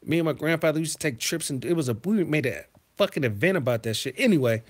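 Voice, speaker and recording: A man chatting on a livestream, telling childhood stories and answering his chat. His voice sits a bit high and swings widely, and he bursts into loud, cursing rants. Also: quick pace. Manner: profane, animated, swings into loud outbursts. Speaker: livestream host reading chat. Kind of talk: casual storytelling to a live chat.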